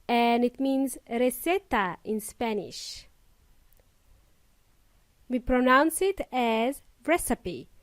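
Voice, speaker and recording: A woman teaching English pronunciation on a podcast, patiently repeating each word slowly for learners. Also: sits high, no room sound. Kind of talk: slow podcast pronunciation lesson.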